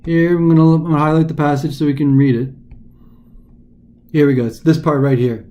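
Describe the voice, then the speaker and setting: Mellow-voiced chatty male tutor. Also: on the high side, level tone, fairly quick, muffled recording. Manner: informal, chatty, dramatizes the text. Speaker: test prep tutor. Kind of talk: casual recorded lesson.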